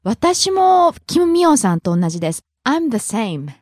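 A woman teaches Japanese, demonstrating words carefully. Her voice is high and very lively. The sound is dry and close. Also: brisk, dry recording. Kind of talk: lesson, pronunciation drills.

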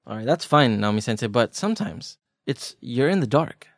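A man's voice: mid-range voice, big pitch swings, dry recording, studio quality. Playful man co-hosting a language lesson. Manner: playful, teasing, explains slowly. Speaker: podcast co-host teaching Japanese. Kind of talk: casual language lesson banter.

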